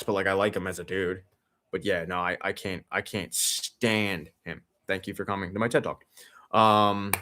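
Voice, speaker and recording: A man's voice: lowish voice, fairly bright tone. Profane young man ranting about football. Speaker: watch-along host. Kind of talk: live sports watch-along rant.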